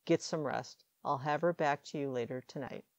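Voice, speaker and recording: Female reader doing a low-voiced, dry-humored young witch woman for an audiobook; protective, teasing. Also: moderate pace, vocal fry, darkish tone, no room sound, lo-fi sound. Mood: wry.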